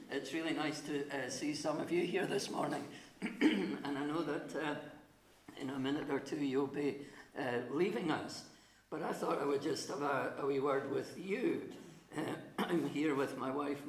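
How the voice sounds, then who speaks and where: A middle-aged minister with a chesty cough, telling a gentle story to children during a church service, with frequent pauses. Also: male voice, on the high side, animated, slight background noise. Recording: roomy church acoustics.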